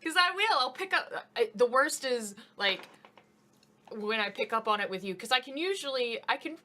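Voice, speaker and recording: A young woman co-hosting a gaming video, chatting casually with animated, laughing banter over faint music. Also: a little high, moderate pace. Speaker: co-host of a gaming channel. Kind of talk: casual let's-play chat.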